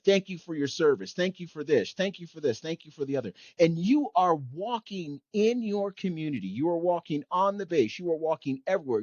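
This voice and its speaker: Animated man telling a story. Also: a little high, no echo, dull audio. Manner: animated, talks in bursts with frequent "okay?" and "anyway". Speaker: podcast host. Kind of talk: storytelling in casual chat.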